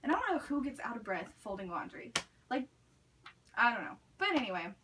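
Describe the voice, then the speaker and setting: A woman's voice: on the high side, sing-song, a little fast, noisy background. A young woman telling a story in a chatty way, filling her sentences with "like". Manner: chatty, many "like" fillers. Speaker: student speaker. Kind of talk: storytelling speech. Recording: recorded from a distance.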